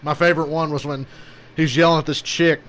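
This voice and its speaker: A man's voice: fairly high pitch, little pitch movement, a little fast, fairly bright tone, slight background noise. Blunt, swearing man ranting about racing. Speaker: host of a live race reaction stream. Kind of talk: casual live commentary.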